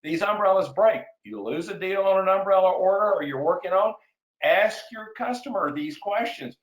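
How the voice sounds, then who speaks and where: A man giving a sales webinar in an energetic, excitable way, getting wound up and then reining himself in. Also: high-pitched, normal speed, echoey room, dull audio. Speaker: sales trainer hosting a webinar.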